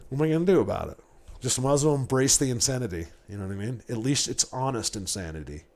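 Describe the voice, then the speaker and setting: A man's voice: medium pitch, lively intonation, a little fast, long pauses. A man in his forties chatting casually to his livestream viewers, rambling and emotional, often stammering and repeating words. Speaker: livestreamer and Bigfoot hunter.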